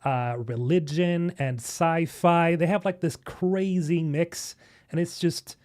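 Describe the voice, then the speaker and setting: A young man from Sweden reacting to game trailers on a live stream, excitable and swearing, talking to chat. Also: on the high side, slow pace. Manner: excitable, swearing, chatting with viewers. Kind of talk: casual live-stream commentary.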